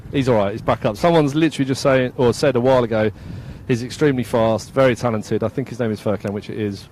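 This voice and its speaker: A man's voice: medium pitch, fast, a little mellow, slight background noise. A man from England giving casual, self-mocking live commentary at an outdoor football match, laughing often and reading out viewer comments.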